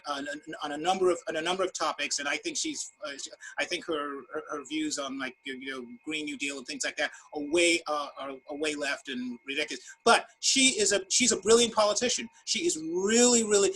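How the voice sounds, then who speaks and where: A man on a video-call panel giving opinions in halting speech with many repeated words, a bit wry. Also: on the high side, a bit bright, low-quality recording.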